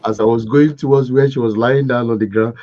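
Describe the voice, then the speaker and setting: Man from Africa telling animated stories. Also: mid-range voice, a little fast. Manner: animated storyteller, laughs and acts out scenes. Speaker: podcast guest, entrepreneur. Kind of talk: casual storytelling interview. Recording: dull lo-fi sound.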